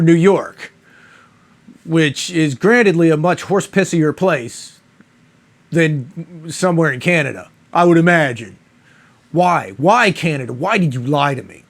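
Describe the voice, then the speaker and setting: A man reviewing a beer in a casual, rambling monologue, mock-outraged and profane. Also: fairly high pitch.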